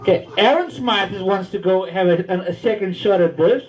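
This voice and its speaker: A man's voice: high voice, moderate pace, rough recording. A man with an Australian accent as MC at a comedy night, teasing and introducing acts. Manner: joking, teasing banter.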